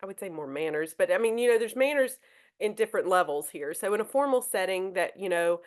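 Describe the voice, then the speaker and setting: A woman's voice: medium pitch, lively intonation, fairly quick. Chatty upbeat woman teaching manners. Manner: chatty and upbeat, many fillers and restarts. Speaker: teacher hosting a manners podcast. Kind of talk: casual classroom talk.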